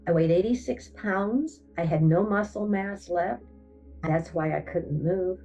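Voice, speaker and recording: A woman, perhaps older, giving a personal testimony, animated in her storytelling, jumping up in pitch when she acts out her own thoughts. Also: a little slow, pauses often. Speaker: near-death experience storyteller. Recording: distant, dull sound with soft music bed.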